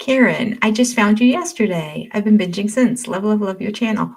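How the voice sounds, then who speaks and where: Husky older woman chatting live. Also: medium pitch, moderate pace, few pauses, darkish tone. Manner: chatty, laughs often, reacts aloud. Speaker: livestream host. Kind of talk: casual livestream chat reading viewer comments.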